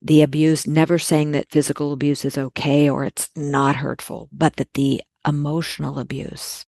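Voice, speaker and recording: A woman's voice: sits low, flat delivery, normal speed, vocal fry, darkish tone, no echo. A woman speaking earnestly in a podcast conversation, stressing key words by repeating them.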